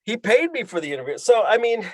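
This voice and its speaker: Lively storytelling man, slightly high voice. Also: fast, dry recording. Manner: acts out voices in quoted dialogue. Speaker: guest, pilot and fishing guide. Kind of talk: animated storytelling.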